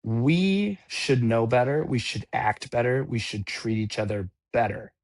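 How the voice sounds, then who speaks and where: A man's voice: medium pitch, measured pace. A man who works in restaurants giving a blunt, profane, preachy rant. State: sober. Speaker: restaurant worker. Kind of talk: unscripted rant.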